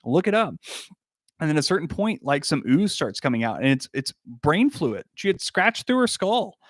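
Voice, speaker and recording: A man's voice: fairly high pitch, sing-song, moderate pace, no room sound, clean studio sound. A young man hosting a casual livestream, reading chat comments and laughing often. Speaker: livestream host answering chat.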